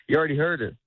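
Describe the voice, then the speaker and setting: A comedian talking as a guest in a casual interview, rambling and cutting himself off, laughing often. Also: male voice, mid-range voice, no echo. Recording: tinny phone-like line.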